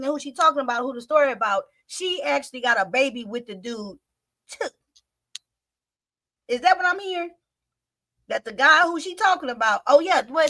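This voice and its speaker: A woman's voice: high voice, pushed and bright. A woman hosting a reaction video, chatting casually straight to her viewers and laughing often.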